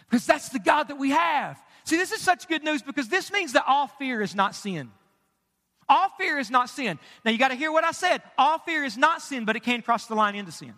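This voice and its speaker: A male pastor delivers his sermon in a very high, sharp, forceful voice. He talks emphatically and conversationally, tossing out rhetorical questions and jokes. His voice rings through a church with a long reverb tail. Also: big pitch swings, a little fast. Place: church sanctuary.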